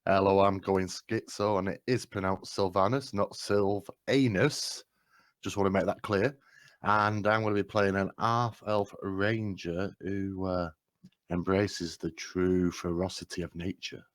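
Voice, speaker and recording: A man in his forties introducing himself as a tabletop player, deliberate and precise. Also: low voice, little pitch movement, no room sound, studio quality.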